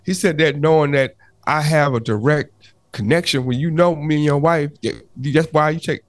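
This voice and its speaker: A man's voice: fairly high pitch, moderate pace, dry recording, studio quality. A man co-hosting a podcast, arguing his point in casual chat, often restarting and cutting in to hold the floor. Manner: animated, restarts often, repeats "hold on" to cut in. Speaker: podcast co-host.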